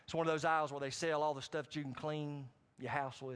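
A middle-aged man preaching, his voice sitting a little high. He swings between loud, excited bursts and quiet, slowed-down points, and often turns to check in with his congregation. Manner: animated preaching with sudden loud rises and asides to the congregation. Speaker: pastor. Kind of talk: sermon.

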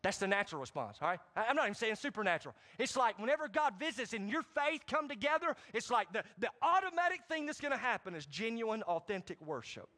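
A middle-aged man preaching a sermon, animated, with sudden loud rises and frequent asides to the congregation. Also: high voice, fast, few pauses. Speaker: pastor.

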